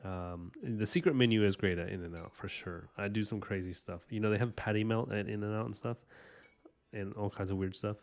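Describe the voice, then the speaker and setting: A man's voice: lowish voice, fairly even intonation, moderate pace. A man casually chatting with his live-stream viewers, rambling enthusiastically with lots of "like" and "you know". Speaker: livestream art host chatting with viewers.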